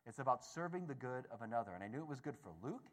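A man giving a storytelling talk to an audience, animated and acting out voices, often stammering and restarting. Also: medium pitch, racing. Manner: animated, acts out the voices in his stories. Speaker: speaker at a Catholic gathering.

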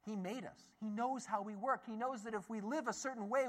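A male Catholic speaker telling a story to an audience. His delivery is animated, with big swings between soft, low asides and loud, lifted peaks. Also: fairly quick, few pauses.

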